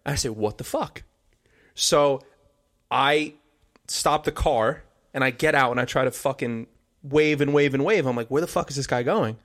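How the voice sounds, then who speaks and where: A young man from New Jersey, co-hosting a podcast and telling a story in a loose, profane, animated way. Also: medium pitch, moderate pace. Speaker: podcast co-host. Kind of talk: casual chat.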